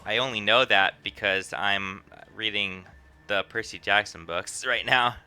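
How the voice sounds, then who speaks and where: A man's voice: on the low side, unhurried, bright, forceful tone, smooth, soft background music. A man casually commenting on a game he streams live, rambling with laughing asides into a close mic.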